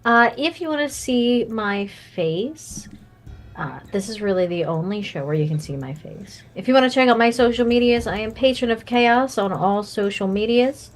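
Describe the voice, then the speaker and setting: A woman's voice: fairly high pitch, lively intonation, moderate pace, soft background music. A woman who plays in a tabletop game stream, chatting playfully as she plugs her channels. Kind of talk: casual chat, plugging her channels.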